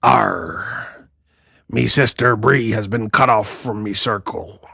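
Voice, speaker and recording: A man voicing a brash, boastful female pirate who growls and cusses in drawn-out pirate talk. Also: fairly low pitch, gravelly, sharp tone, breathy edge, no room sound, studio quality, voice pushed down, heavily acted. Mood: mock gruff.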